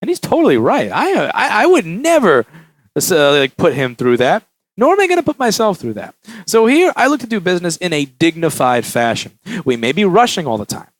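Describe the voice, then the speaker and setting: A man who owns a repair shop talks to camera in a casual vlog monologue. He tells stories animatedly with a lively, swinging pitch and a slightly raised voice, and the sound is dry and close. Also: fairly quick, no echo. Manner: animated storytelling, acts out quotes.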